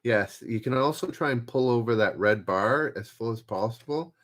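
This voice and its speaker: A man hosting a live-stream trivia game, relaxed and self-deprecating, repeating each question as he reads out viewers' guesses. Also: medium pitch, moderate pace. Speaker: trivia host.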